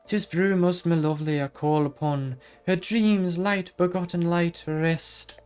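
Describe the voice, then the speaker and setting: A man's voice: fairly high pitch, steady tone, a little slow, darkish tone, smooth, soft background music, pitched above the performer's own voice, close to an everyday voice. A man voicing a bouncy, ancient female fairy in a put-on Irish accent, with dreamy, garbled, old-fashioned phrasing. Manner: lilting, garbled archaic phrasing.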